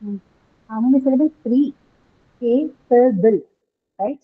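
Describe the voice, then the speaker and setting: A woman teaching an English class over a call, her voice thin and tinny like a phone line. She goes step by step, puts questions to her students and keeps checking whether they follow. Her pitch sits in an ordinary middle range. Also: normal speed. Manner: patient, questioning, often checks with "right?". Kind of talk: online class lecture on word stress.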